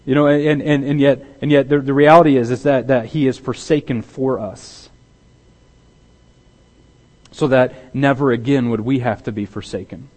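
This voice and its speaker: A male pastor delivers a sermon in a mid-range voice, pressing his points by repeating words and dropping from loud stress to hushed intensity. His voice carries a long reverb that trails off through a church sanctuary. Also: medium pitch, steady tone, moderate pace.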